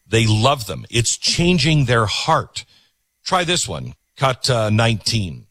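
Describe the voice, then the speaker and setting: A man's voice: mid-range voice, big pitch swings, takes it slowly, fairly bright tone, no room sound. A man hosting a show, giving emphatic commentary on video clips he plays. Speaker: host.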